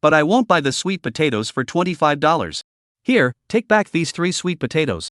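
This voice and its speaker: A rich young man, cool and mocking toward a cheating merchant, read out by a man. The tone is fairly high and lively, with a dry close sound. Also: normal speed, no echo. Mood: scornful. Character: wealthy young man, calm but scornful.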